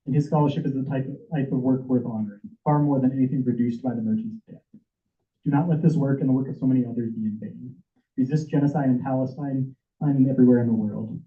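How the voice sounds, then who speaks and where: Guy giving a heated speech at a senate meeting, fast, kinda stumbly, echoey hall. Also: mid-range voice, fairly even intonation. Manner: urgent, emotional, with stumbles and repeats. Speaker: public commenter at senate meeting. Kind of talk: impassioned prepared speech. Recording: echoey room over tinny phone-like audio.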